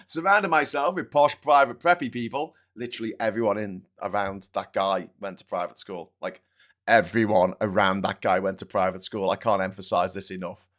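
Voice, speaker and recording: A man hosting a live political commentary stream, sarcastic and profane, slipping into mocking voices. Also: lowish voice. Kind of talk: sweary live-stream rant.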